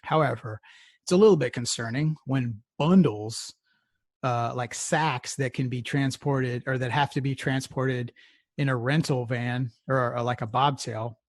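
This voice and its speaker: A man's voice: medium pitch, a little slow, no echo, clean studio sound. A man from the Houston area co-hosting a podcast, telling rambling stories in casual, profane chat with frequent laughs. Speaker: podcast co-host.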